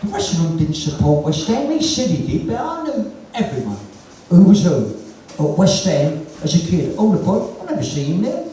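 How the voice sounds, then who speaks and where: London bloke spinning sweary stories live, highish dark voice, echoey hall mic far off. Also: male voice, huge pitch swings, moderate pace, slight background noise. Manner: swearing, earthy storytelling with acted-out dialogue. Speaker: punk musician guest. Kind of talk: live on-stage storytelling chat. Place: live music venue with audience.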